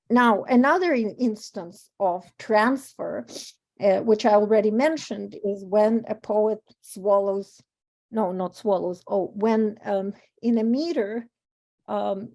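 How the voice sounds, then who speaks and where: A woman whose first language is Russian gives an academic conference talk on verse, thoughtful and pausing, with frequent ums and self-corrections. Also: medium pitch, mellow. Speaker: panel speaker on verse translation.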